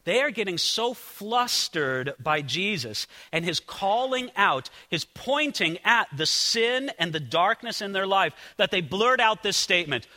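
Male pastor, high and very lively voice, piercingly bright tone, long hall reverb, conversational preaching style. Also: unhurried, few pauses. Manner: animated, conversational preaching with asides to listeners. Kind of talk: sermon.

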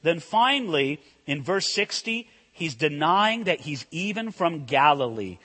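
Animated preacher in an echoing hall. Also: male voice, on the high side, unhurried, breathy edge. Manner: animated, swinging from loud emphasis to hushed intensity. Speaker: pastor. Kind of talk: sermon.

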